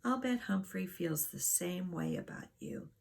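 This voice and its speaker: A woman reading aloud, voicing a loving, wise grandmother who speaks gently and reassuringly. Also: on the low side, wildly swooping pitch, measured pace, vocal fry, exaggerated voice. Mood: gentle.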